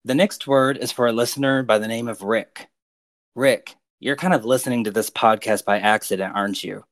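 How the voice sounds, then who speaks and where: A man on a podcast delivering prophetic words to named listeners in a slow, earnest, pastoral way. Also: medium pitch, no echo.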